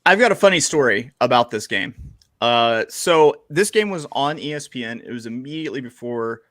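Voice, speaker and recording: A man co-hosting a casual sports podcast, joking crudely and telling animated stories. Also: medium pitch, normal speed, no room sound, studio quality. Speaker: podcast co-host.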